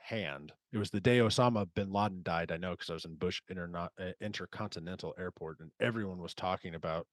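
A man's voice: low voice, fast, hardly any pauses, dry recording. A man in his thirties hosting a podcast, chatting casually, rambling and swearing freely. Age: 30s. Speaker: podcast host. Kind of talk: casual chat.

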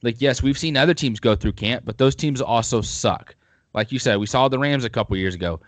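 A man's voice: mid-range voice, brisk, dry recording. A man hosting a podcast, chatting casually and at length about football with opinionated rambling. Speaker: podcast host.

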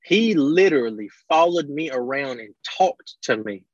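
Dude swearing thru a story, dry kinda dull mic sound. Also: male voice, mid-range voice, moderate pace, few pauses, fairly bright tone, dry recording. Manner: profane, storytelling, acts out quotes. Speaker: online content creator. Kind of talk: casual podcast chat.

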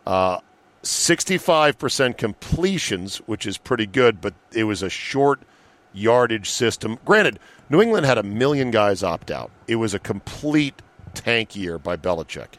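A man hosting a sports talk podcast in a loose, joking way. His pitch swings widely as he riffs and does quick voices. He swears casually and keeps the back-and-forth rolling. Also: very animated, a bit bright. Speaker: podcast host.

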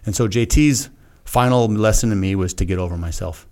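Low-voiced man telling a frank personal story. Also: fairly quick, darkish tone. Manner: earnest, frank, acts out his own past remarks. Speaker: podcast guest, retired Navy SEAL. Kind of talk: casual conversational storytelling.

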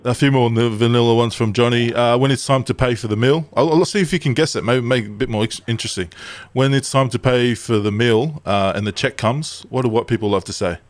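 A man's voice: mid-range voice, quick pace, no echo. Chuckling man reading lists on a podcast. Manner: reads listener lists, chuckling often. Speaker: podcast co-host. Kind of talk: casual podcast banter.

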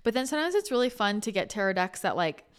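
A spiritual channel and podcast host with a medium-pitched, clean-toned voice talks fast and very animatedly. Her casual spiritual talk is chatty and rambling, full of restarts, and she's emotional, close to tears.

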